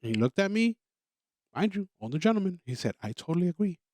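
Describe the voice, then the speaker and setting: A man's voice: sits high, sing-song, quick pace, darkish tone, slight background noise. A man hosting a talk show, delivering an opinionated monologue in an emphatic way, repeating himself and stammering on restarts. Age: adult parent. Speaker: podcast host.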